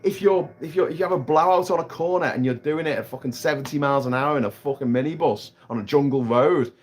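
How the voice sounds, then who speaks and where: Broadcasting from outdoors on an island, a British livestream host with a British English accent rants on a casual stream. His voice is a little high and fast, and he swears plenty, restarting sentences as he gets heated.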